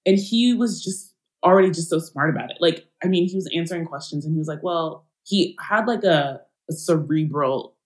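A woman's voice: low-pitched, moderate pace, few pauses. A woman guest on a podcast, chatting casually and animatedly, laughing often and using slang. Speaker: guest writer and producer.

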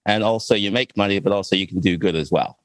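A man's voice: sits low, quick pace, no room sound, poor audio. An older man from Ghana, a real estate investor chatting as a podcast guest, laughing easily. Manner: good-humored, laughs easily. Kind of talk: casual podcast interview.

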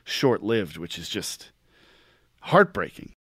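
A man's voice: lowish voice, sing-song, takes it slowly, a bit bright, breathy edge, no echo, clean studio sound. A man co-hosting a sports podcast, telling stories in a laid-back, wry way. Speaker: podcast co-host. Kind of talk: casual sports chat.

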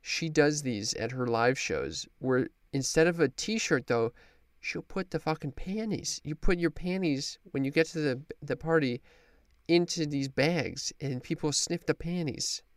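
A man hosting a podcast in casual chat, talking bluntly, swearing freely and quick to get defensive. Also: on the high side, expressive, no room sound, clean studio sound. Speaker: podcast host. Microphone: podcast studio mic.

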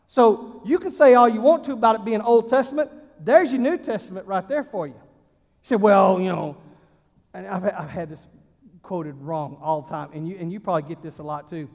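A high-voiced man preaches a folksy, emphatic sermon. He swings from loud punches to quiet asides. His voice carries a long reverb from a large church hall. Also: moderate pace, gravelly. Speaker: pastor.

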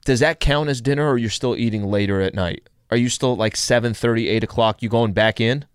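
A male sports radio host in casual studio banter, chatty and quick to laugh, often trailing off and restarting. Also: medium pitch, clear, resonant tone, no echo.

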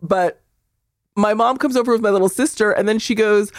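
A woman's voice: medium pitch, brisk, dry recording, clean studio sound. A woman co-hosting a podcast, telling profane, exasperated stories with bursts of laughter. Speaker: podcast co-host. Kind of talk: casual chat.

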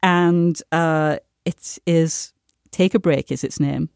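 A woman on a podcast panel, chatting casually with frequent halting restarts. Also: low voice, steady tone, vocal fry, a little mellow, smooth, no echo, clean studio sound. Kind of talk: casual chat.

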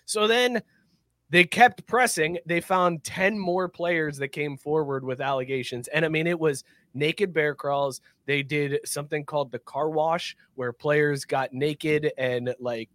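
A man hosts a sports podcast in loose, rambling banter, swearing freely as he tells stories. His voice sits somewhat high for a man. The sound is close and dry. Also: measured pace, a bit bright, dry recording. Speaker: podcast host.

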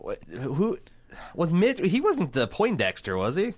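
A man co-hosting a casual chat, rambling and halting as he recalls things. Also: a little high, huge pitch swings, husky. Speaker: co-host.

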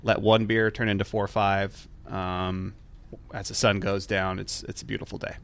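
A man's voice: on the low side, level tone, moderate pace, gravelly, fairly bright tone, a little hiss or hum. A man co-hosting a podcast in casual, jokey chat, often repeating his words as he goes. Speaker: podcast co-host.

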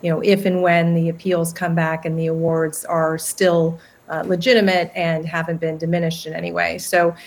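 A woman giving legal analysis in a news interview, measured and explanatory. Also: fairly low pitch, level tone.

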